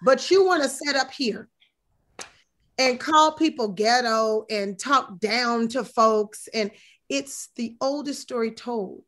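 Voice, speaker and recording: Animated, emphatic woman chatting. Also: fairly high pitch, slow. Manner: animated, emphatic, mocking asides. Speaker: guest; yoga instructor. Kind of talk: casual chat.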